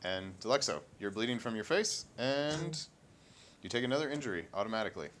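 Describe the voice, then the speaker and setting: A man narrating as game master of a tabletop role-playing game, in a casual, halting way full of fillers. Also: mid-range voice, lively intonation, fairly bright tone, slight background noise.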